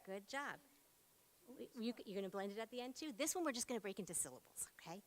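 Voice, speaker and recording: A teacher demonstrates phonics in a school meeting room, her medium-pitched voice lively and fast. She's upbeat and supportive, cueing the class with brief words.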